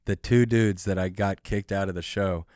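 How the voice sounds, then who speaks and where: A young adult man, a comedian hosting his own podcast, telling a story in a casual, animated way with lots of filler words. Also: low-pitched, no room sound, studio quality. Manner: animated, fast, full of "like" and "dude".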